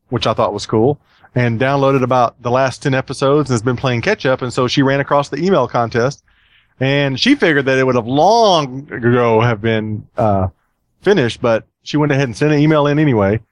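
A man's voice: mid-range voice, normal speed, no room sound. A man hosting a casual podcast, rambling and chatty with plenty of fillers. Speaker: podcast host.

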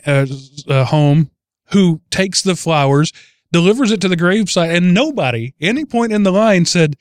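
A man's voice: high voice, no echo, clean studio sound. A man hosting a casual podcast chat, telling a news story with amused chuckles. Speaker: podcast host.

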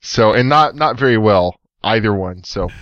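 A man's voice: on the low side, expressive, normal speed, fairly bright tone, no room sound. A man in casual chat, self-deprecating. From East Texas. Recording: dull lo-fi call audio.

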